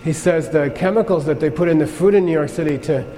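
Fairly high-voiced man lecturing in a hall. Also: fast, dark tone, slight background noise. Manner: conversational, keeps checking in with the class. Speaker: Buddhist teacher. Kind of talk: classroom lecture with anecdotes. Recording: long hall reverb, faint ambience.

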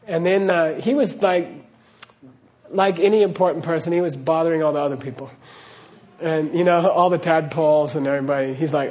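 A man's voice: on the high side, fairly even intonation, a little fast, a little mellow. A man giving an earnest spiritual talk to an audience, often checking in with "okay?" and laughing as he tells stories. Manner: earnest, repeats "okay?", laughs while storytelling. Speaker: spiritual teacher.

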